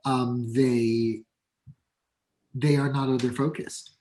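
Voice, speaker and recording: Guest coach, male, New York accent, plain mid pitch, punchy and direct. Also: moderate pace, darkish tone, a little hiss or hum. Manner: blunt, emphatic, acts out example dialogues. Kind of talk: conversational podcast interview.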